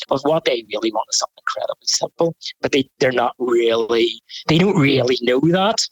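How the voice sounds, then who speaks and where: Northern Irish photographer, husky gravel voice, rambling and animated. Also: male voice, medium pitch, quick pace, hardly any pauses, dry recording, poor audio. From Northern Ireland. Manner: rambling, animated storytelling with frequent restarts. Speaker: photographer guest. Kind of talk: casual interview chat.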